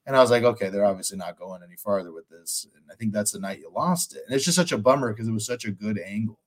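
A man hosting a casual interview, talking as an enthusiastic fan with lots of filler words. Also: medium pitch. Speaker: podcast host.

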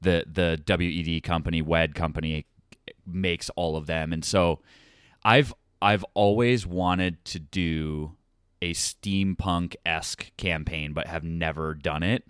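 A man with a very low, smooth, resonant voice chats on a podcast about tabletop games. He sounds enthusiastic and eager. The sound is dry and close. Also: takes it slowly, no room sound. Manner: excited, enthusiastic. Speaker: podcast co-host. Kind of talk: casual chat.

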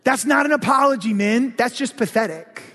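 A male pastor preaching a sermon, telling a personal story with lively, animated delivery that turns heated and loud in places. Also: extremely high pitch, normal speed, long reverb tail.

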